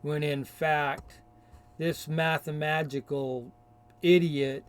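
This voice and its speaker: A man's voice: fairly high pitch, steady tone, slow, clear, resonant tone. A man delivering a combative, insulting rant in a video rebuttal. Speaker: video commentator. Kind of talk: ranting rebuttal.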